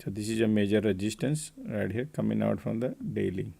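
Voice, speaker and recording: A man's voice: lowish voice, fairly even intonation, fairly quick, creaky, mellow. A man hosting a live trading stream, giving casual market commentary and chatting with viewers by name.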